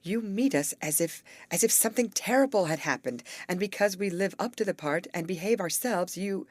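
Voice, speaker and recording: A woman voicing a quick-tempered teenage girl who talks sharply and indignantly. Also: medium pitch, expressive, darkish tone, no room sound, pitched above the performer's own voice, close to an everyday voice.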